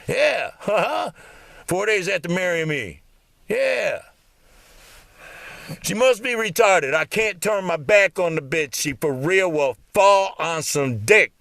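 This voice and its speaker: Ranting man, gravelly and a touch high-pitched, crude and mocking, close dry sound. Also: sing-song, normal speed, dry recording. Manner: loud and heated, then quieter and lecturing. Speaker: vlogger. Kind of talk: angry ranting monologue.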